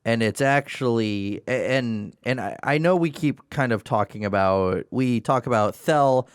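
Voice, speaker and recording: A young man co-hosting a podcast, casually retelling a story with animated asides. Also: measured pace, smooth, dry recording, clean studio sound. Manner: animated, jumps into high-pitched character quotes. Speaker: podcast co-host. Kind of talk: casual chat.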